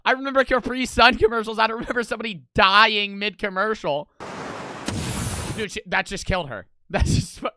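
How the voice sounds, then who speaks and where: A young man casually reacting to old commercials, loud and ranting, with a lot of swearing. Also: high-pitched, fairly quick, background noise.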